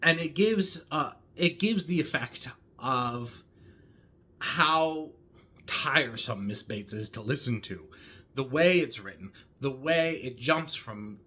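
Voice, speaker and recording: A man casually discussing a novel, thinking aloud with many pauses and restarts. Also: medium pitch, animated, sharp tone, husky. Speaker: book reviewer.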